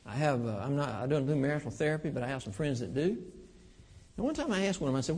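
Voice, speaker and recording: A man in his fifties preaching a sermon in a church, folksy and earnest, slowing down for emphasis. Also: medium pitch, expressive, a little mellow, slightly rough. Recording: long hall reverb.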